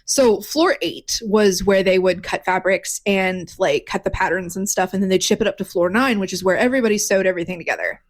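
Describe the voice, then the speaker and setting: A woman co-hosting a podcast in casual chat, telling a story in a lively, profane way with lots of restarts. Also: mid-range voice, brisk, hardly any pauses. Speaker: podcast co-host.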